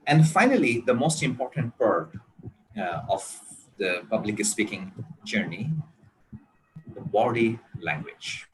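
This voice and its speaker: Slow, deliberate Bangladeshi-accented man lecturing. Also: medium pitch, animated, slight background noise, poor audio. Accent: Bangladeshi English. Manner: deliberate, with many pauses and hesitations. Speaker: public speaking trainer. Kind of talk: lecture on public speaking.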